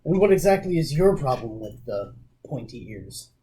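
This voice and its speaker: Player with a lively, swinging voice, speaking up in character. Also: mid-range voice, moderate pace, rough recording. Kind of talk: in-character role-play and table chat.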